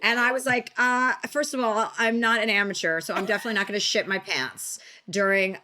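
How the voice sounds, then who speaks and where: A woman guest telling crude comic stories with a brash, deadpan delivery. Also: medium pitch, fast talker. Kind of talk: comic storytelling.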